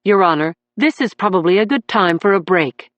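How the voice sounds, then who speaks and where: A woman voicing a composed male defense lawyer who speaks calmly and matter-of-factly. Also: high voice, a little fast, no echo, dull audio. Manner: calm, matter-of-fact, even. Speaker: defense attorney.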